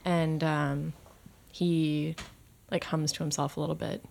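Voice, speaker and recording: A woman's voice: deep voice, flat delivery, measured pace, creaky, a little mellow, a little hiss or hum. A woman describing her character's actions as a player in a tabletop game, casually and with fillers. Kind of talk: tabletop role-play.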